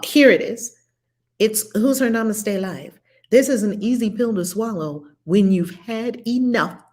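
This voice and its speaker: A woman with a mid-range, somewhat dark voice hosts a spiritual study group on a livestream. She speaks earnestly and reads viewers' comments aloud.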